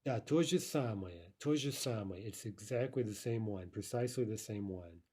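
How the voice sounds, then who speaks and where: Low-voiced man teaching a language lesson. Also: animated, a little mellow, slightly rough. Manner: explanatory, repeats examples slowly, frequent "right?" and "uh" fillers.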